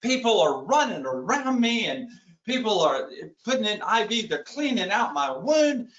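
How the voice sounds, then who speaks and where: A man's voice: high-pitched, sing-song, normal speed, a bit bright, roomy sound, lo-fi sound. A man giving a keynote talk, telling a humorous story with self-deprecating asides to his audience. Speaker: keynote speaker.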